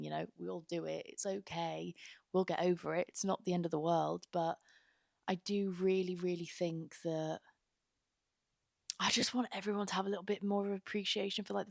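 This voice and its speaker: A woman's voice: on the low side, vocal fry, darkish tone, dry recording, clean studio sound. A young woman hosting her own podcast, talking earnestly and rambling with lots of fillers. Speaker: podcast host. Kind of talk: casual heartfelt podcast monologue.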